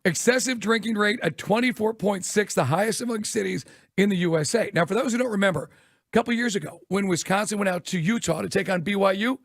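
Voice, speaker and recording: A man co-hosting a sports radio show, telling stories quickly and laughing often. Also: high voice, no echo, studio quality. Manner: rapid storytelling, laughs often. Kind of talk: casual radio chat.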